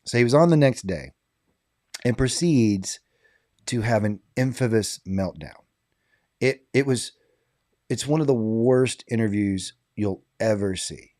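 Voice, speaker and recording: A man in a casual podcast chat, spinning an animated anecdote and laughing as he goes. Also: lowish voice, unhurried, pauses often, no room sound, studio quality.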